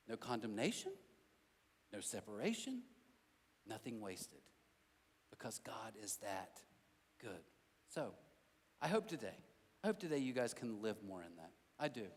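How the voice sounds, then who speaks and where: A man's voice: mid-range voice, long reverb tail. A pastor preaching a sermon to his congregation, telling stories in a conversational way and driving points home with repetition. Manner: conversational storytelling, emphatic repetition. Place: church sanctuary.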